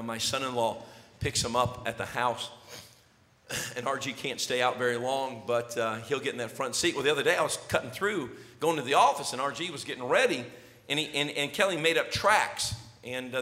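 A middle-aged man preaching a sermon, telling a story and swinging from loud calls to hushed words. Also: medium pitch, a little fast. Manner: animated, swings from shouting to near whisper. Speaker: pastor. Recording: long hall reverb.

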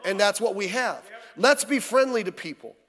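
A man with a high, slightly bright voice and lively intonation preaches a midweek church sermon at normal speed. He's a pastor with a folksy, talk-with-you style that leans on rhetorical questions, all echoing in a reverberant hall.

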